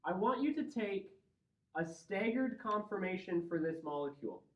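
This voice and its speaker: Speaking at normal speed with lively intonation and a voice that sits high, a Midwestern man lectures a chemistry class. He explains each step and checks in with his students, recorded in a roomy, dull lo-fi lecture classroom.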